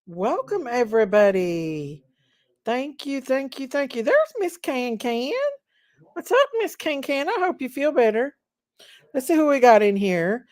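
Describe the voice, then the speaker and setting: A woman hosting a casual livestream, greeting viewers by name in drawn-out, sing-song hellos. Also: sits high, very animated, darkish tone. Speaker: livestream host.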